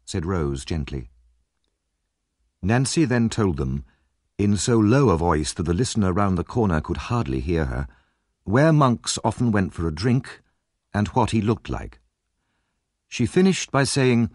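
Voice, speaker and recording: A man reads a scripted audiobook narration in a measured, expressive storytelling style. His voice sits low, and the recording is studio quality with no echo.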